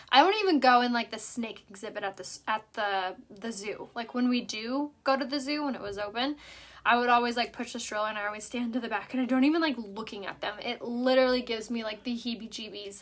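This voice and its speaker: A woman's voice: fairly high pitch, a bit bright. A young woman from San Diego hosting a casual makeup livestream at home, rambling in chatty talk full of "like" fillers. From San Diego, California.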